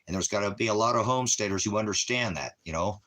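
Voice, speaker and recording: A man hosts a casual livestream from the rural Christmas Valley area, rambling profanely and talking directly to his chat viewers. His voice is lowish and fairly bright, and he speaks at a quick pace.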